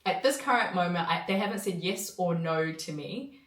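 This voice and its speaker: A woman chatting casually in a vlog, rambling and excitable. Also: fairly low pitch, normal speed, roomy sound, far from the mic.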